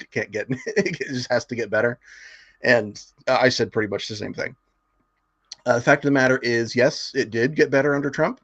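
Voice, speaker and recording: This co-host of a relaxed political podcast has a mid-range, somewhat bright voice. He reads figures from his notes, chuckling frequently and using fillers, in a dry, dull lo-fi recording without echo.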